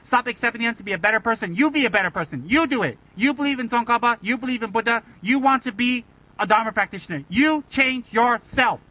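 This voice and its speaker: High, bright-voiced playful Buddhist teacher. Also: male voice, lively intonation, fast talker, low-quality recording. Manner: playful, teasing, rhetorical questions. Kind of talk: Dharma talk.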